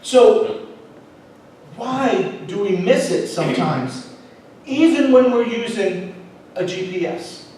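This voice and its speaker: A male pastor preaching a sermon, telling a personal story with animated swings between loud emphasis and quiet asides. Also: high-pitched, slow, long pauses, slight background noise. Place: church auditorium. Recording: echoey hall, mic at a distance.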